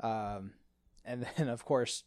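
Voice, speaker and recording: A man's voice: medium pitch, takes it slowly, dry recording. Swearing, laughing young man, dry sound. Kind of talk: casual chat.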